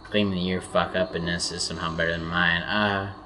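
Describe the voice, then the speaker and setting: A young man with a low, deep voice, rambling loosely over gameplay. He swears freely and keeps a sarcastic edge, circling back with lots of fillers. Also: level tone, brisk, background noise. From United States. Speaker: gaming commentator.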